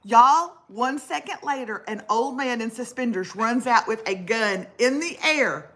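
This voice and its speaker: High, lively woman telling a funny story. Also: a little slow, heavy background noise. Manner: animated, laughs often, addresses audience as y'all. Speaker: co-host. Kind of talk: comic storytelling, casual chat.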